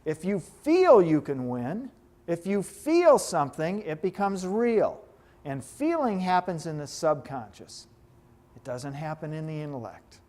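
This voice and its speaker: A man with a somewhat high voice lectures a live class as a hypnotherapy instructor. He talks in a lively way, slips in joking asides and keeps asking his listeners questions. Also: unhurried.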